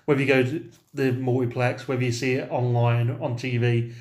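A man's voice: medium pitch, little pitch movement, brisk, darkish tone. A man co-hosting a casual podcast, blunt and jokey and prone to swearing. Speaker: podcast co-host. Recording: echoey room.

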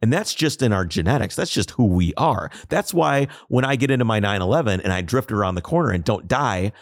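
A podcast co-host keeps up a casual but opinionated chat, animated and emphatic, even ranting. His voice is fairly low and a little fast, with studio-quality sound and no echo.

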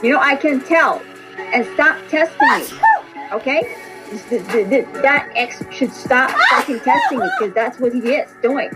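A woman's voice: high-pitched, huge pitch swings, a little slow, music in the background, poor audio. A woman reader and podcast host speaking in a blunt, repetitive, profane monologue. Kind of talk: casual spoken monologue.

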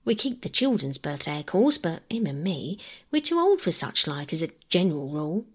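A woman reading aloud and voicing a talkative working-class mother, rambling in a homely countrified way, with a husky voice. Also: deep voice, big pitch swings, normal speed, full character voice. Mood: chatty. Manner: chatty, rambling, countrified speech.

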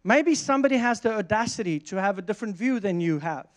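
A man preaching a sermon, reading verses and telling a lively personal story with frequent restarts. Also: sits high, fast talker. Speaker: pastor.

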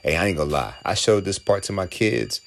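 A man giving an excited, emotional reaction commentary while watching a film. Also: sits low, fairly quick, creaky, slight background noise. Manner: emotional, exclaiming, laughing often. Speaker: reaction video host.

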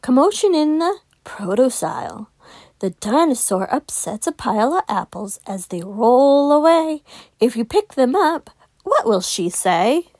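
Lady reading a kids book out loud, bouncy sing-song voice, kinda high, slow and clear. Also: sing-song, no echo, studio quality. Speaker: children's story reader. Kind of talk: reading a picture book aloud.

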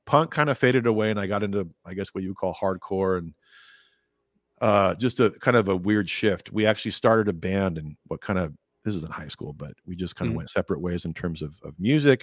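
A man with a deep, low voice tells long, rambling stories in a relaxed podcast chat, jumping up in pitch whenever he acts out what someone said. The sound is dry and close, with no room around it. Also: dry recording. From California. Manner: rambling, animated, acts out quotes in a higher voice. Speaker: podcast guest. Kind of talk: casual storytelling interview.

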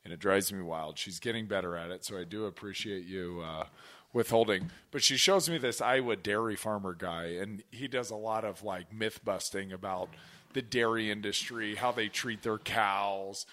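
Animated rambling man podcasting. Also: fairly low pitch, moderate pace. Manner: animated, rambling, swears casually. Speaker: podcast host. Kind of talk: casual chat.

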